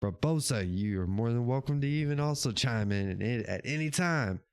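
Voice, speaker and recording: A man's voice: mid-range voice, lively intonation, normal speed, clear, resonant tone, no echo, clean studio sound. A man hosting a casual livestream show, chatting with his chat in a laid-back, rambling way, swearing now and then and laughing often. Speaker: podcast host reading live chat.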